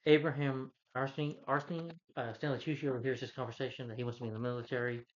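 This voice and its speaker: A man's voice: mid-range voice, level tone, quick pace, highs cut off, slight background noise. A man giving a casual, rambling plot recap as a movie reviewer, earnest when praising the hero. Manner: rambling, loose retelling with restarts; earnest, heartfelt asides.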